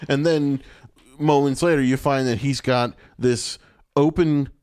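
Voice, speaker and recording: A man's voice: mid-range voice, fairly even intonation, unhurried, a little mellow, clean tone, no room sound, studio quality. A man co-hosting a podcast, recapping a TV episode in casual chat, laughing often and acting out lines. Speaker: podcast co-host.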